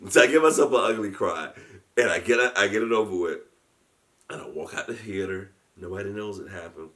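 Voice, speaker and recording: A man telling a story in a casual chat. He is animated, often laughs and restarts his sentences. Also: fairly low pitch, fairly quick. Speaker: guest storyteller, convention founder.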